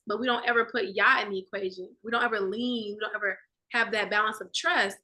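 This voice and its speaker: A woman in a casual Bible study discussion, talking with animated conviction and often acting out inner dialogue. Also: on the high side, moderate pace.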